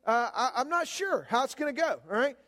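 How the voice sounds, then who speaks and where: Folksy Southern pastor, high voice. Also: male voice, lively intonation, a little fast, sharp tone. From American South. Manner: folksy, filler-heavy, lots of "uh" and "man". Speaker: guest pastor. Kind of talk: sermon with humorous stories. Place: church sanctuary. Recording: long reverb of a church hall.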